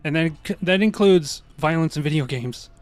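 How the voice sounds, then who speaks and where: A man's voice: fairly high pitch, moderate pace, no echo. A man commenting casually on a live game stream, talking to his chat. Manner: chatty, laughing, talks to chat.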